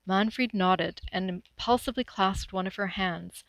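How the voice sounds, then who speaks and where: Woman storyteller, measured and expressive, dry close-miked sound. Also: medium pitch, gravelly, no room sound, rough recording. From Northwestern Ontario, Canada. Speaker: author reading her story. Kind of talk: storybook reading aloud.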